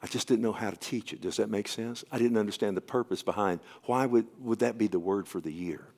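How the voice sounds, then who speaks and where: A middle-aged male pastor preaching a sermon, telling a story with acted-out dialogue, swinging from emphatic, raised delivery to hushed near-whispers. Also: on the low side, brisk.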